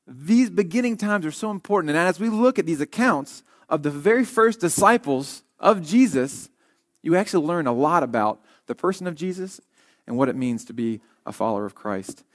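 A man's voice: on the high side, lively intonation, moderate pace. A man, a guest preacher, giving a conversational sermon and reading scripture aloud. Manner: conversational, with fillers.

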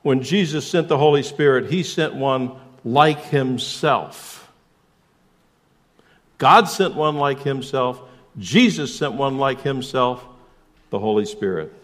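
A man preaching a sermon as pastor, emphatic, asking rhetorical questions and shifting suddenly between loud and soft. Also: mid-range voice, slow pace.

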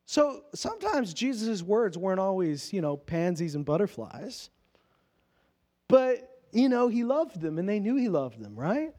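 Male pastor with a high voice, informal sermon delivery, asks rhetorical questions and acts out quoted lines. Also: sing-song, moderate pace, dark tone.

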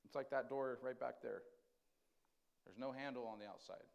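A man preaching a conversational sermon, asking the congregation questions and swinging between loud emphasis and quiet, tender lines. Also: medium pitch, moderate pace, gravelly, lo-fi sound. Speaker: pastor.

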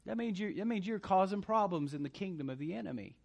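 A man preaching a sermon as pastor, swinging between loud punchy lines and quiet asides. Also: high-pitched, animated, fast, vocal fry, lo-fi sound.

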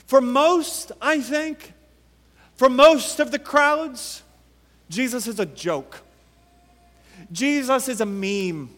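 Male pastor from the U.S., high-pitched, measured sermon delivery, long reverb of a big sanctuary. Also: a bit bright. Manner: emphatic, repeats rhetorical questions with dramatic pauses. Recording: long reverb from a large hall.

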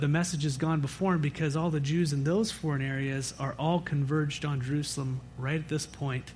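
A man's voice: fairly high pitch, a little hiss or hum. A man preaching a sermon to his church as pastor, talking in a loose, conversational way with frequent fillers and self-corrections.

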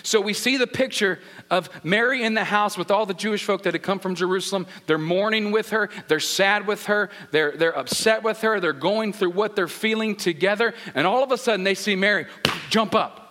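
Male pastor, sermon, high voice, bright tone, storytelling style. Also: a little fast. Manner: storytelling, paraphrases scripture in everyday talk.

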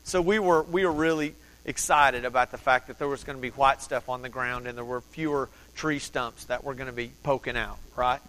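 A man from Texas telling a lively personal story as a sermon, animated and conversational, with asides to the audience. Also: medium pitch, a little fast. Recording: long hall reverb.

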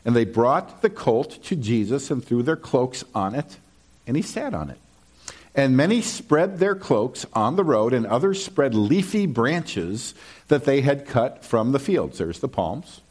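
A man preaching a sermon, reading scripture and explaining it conversationally, often checking in with "okay?". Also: a little slow. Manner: animated, lively pitch swings when quoting. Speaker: pastor.

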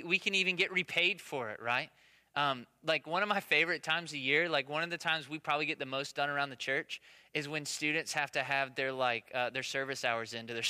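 A man's voice: a little high, sharp tone, smooth. A man in his thirties preaching a conversational sermon, often checking in with "right?" asides. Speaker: pastor. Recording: long echo of a large hall.

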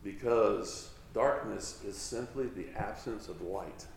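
A male pastor preaching a sermon in a conversational way, now and then slowing down to stress key words emphatically. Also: on the low side, gravelly, echoey room.

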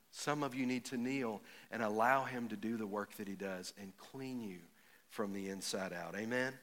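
A middle-aged man preaching a sermon with folksy stories, building from quiet reflection to emphatic punch lines. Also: mid-range voice. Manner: folksy storytelling, rising to emphatic, builds up to jokes. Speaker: pastor. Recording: echoey hall with long reverb.

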